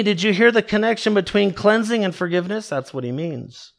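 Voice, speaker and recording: A man's voice: high-pitched, lively intonation, brisk, vocal fry, hardly any pauses. A man preaching a sermon in an emphatic, conversational way, with wry asides to his congregation. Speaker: pastor.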